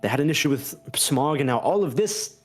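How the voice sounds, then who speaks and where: A man's voice: fairly high pitch, expressive, fairly quick, husky, faint music behind, pitched above the performer's own voice. A man voicing a nervous, fussy male academy headmaster with glasses who talks in an uneasy, rambling way.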